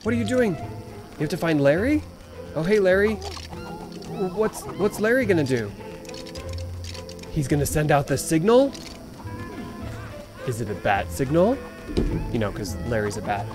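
Excitable man hosting a game playthrough. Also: fairly high pitch, unhurried, long pauses, over music. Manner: excitable, dramatic storytelling with gasps. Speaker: let's play host. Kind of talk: playful let's play narration.

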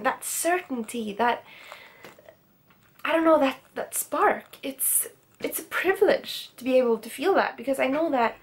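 Young woman, 20s, student vlogger. Upbeat, slightly high voice, unhurried delivery, handheld camera outdoors. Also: husky. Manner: chatty, enthusiastic, laughs often. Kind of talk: casual vlog chat. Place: outdoors in the countryside.

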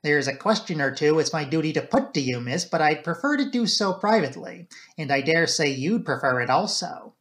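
A man's voice: on the high side, lively intonation, fairly quick, hardly any pauses, a bit bright. A man voicing a blunt, stubborn male police inspector who talks brusquely.

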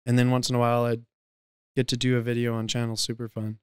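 A young man telling stories as a guest on a casual podcast, laid-back and rambling with plenty of filler words. His voice is very clean and crisp, recorded dry and close. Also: medium pitch, monotone, fast talker, no echo.

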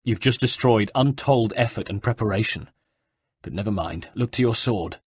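A man doing a calm, terse assassin. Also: fairly low pitch, normal speed, slightly rough, no room sound, studio quality. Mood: curt. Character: steady male assassin, guarded and terse.

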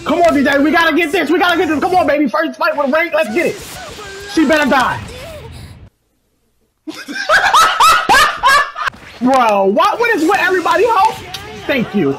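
A young woman loudly commentating her own gameplay, cursing and yelling at her opponents. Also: high-pitched, animated, quick pace, background noise. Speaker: gaming streamer. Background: game music.

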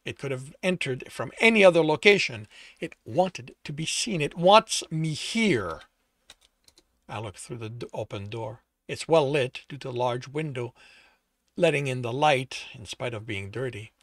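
A man's voice: medium pitch, animated, measured pace, fairly bright tone, no echo, studio quality. A man reading his own novel aloud in first person, stopping to correct and reread his slips. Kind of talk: first-person audiobook narration.

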